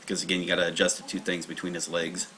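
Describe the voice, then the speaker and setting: A man's voice: deep voice, little pitch movement, rapid-fire, crowd noise. A man teaching kanji on a livestream in a rambling, casual way, with many fillers and restarts. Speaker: language teacher. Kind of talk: livestreamed kanji study lesson.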